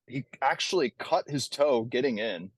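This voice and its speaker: Laughing American musician, dry close sound. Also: male voice, mid-range voice, normal speed, husky, no room sound. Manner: laughs often, animated storyteller. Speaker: guest musician. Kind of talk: casual interview chat.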